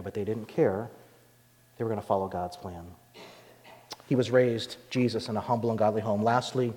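A man preaching a sermon as pastor, animated and acting out the voices he quotes. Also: mid-range voice, big-room sound.

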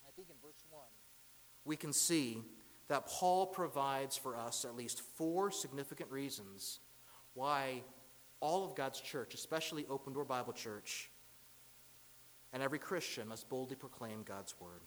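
A man preaching a sermon in a church. He is emphatic, swinging between loud proclaiming and hushed passages. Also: mid-range voice, lively intonation, measured pace, slight background noise. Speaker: pastor. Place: church sanctuary. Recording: long church hall reverb.

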